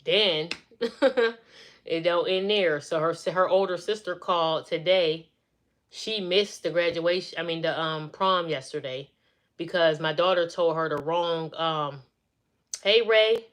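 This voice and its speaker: A woman's voice: lowish voice, a little slow, a bit bright. A middle-aged woman chatting on a live stream, venting as she retells family drama in a casual way.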